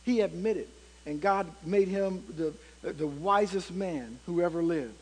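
High-voiced male pastor preaching in a hall. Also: measured pace. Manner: preaching with rising emphasis and frequent fillers. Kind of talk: sermon. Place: church sanctuary. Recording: long reverb of a church hall.

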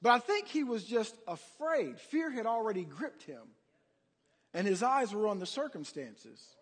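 A male preacher delivering an animated sermon, calling out to the congregation. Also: high voice, measured pace, slightly rough. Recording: long hall reverb.

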